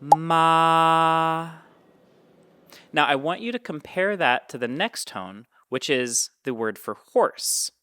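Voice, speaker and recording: A man's voice: medium pitch, sing-song, measured pace, few pauses, fairly bright tone. A man teaching Mandarin tones, explaining patiently and demonstrating each sound. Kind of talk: explaining with spoken examples.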